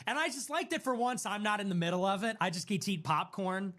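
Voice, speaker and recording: A man's voice: high-pitched, fast, a bit bright. A man streaming, ranting casually in a sarcastic, provocative way.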